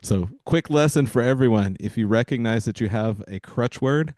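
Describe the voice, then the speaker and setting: A man's voice: medium pitch, moderate pace, a little mellow, dry recording. A man hosting a podcast who talks in an encouraging, reflective, coaching way. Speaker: podcast host. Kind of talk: casual podcast conversation.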